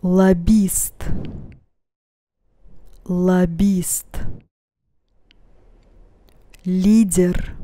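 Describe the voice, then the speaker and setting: A woman with Russian as her first language, teaching a pronunciation lesson and saying each word twice, slowly and deliberately. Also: lowish voice, mellow, no echo. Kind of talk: slow, careful pronunciation lesson.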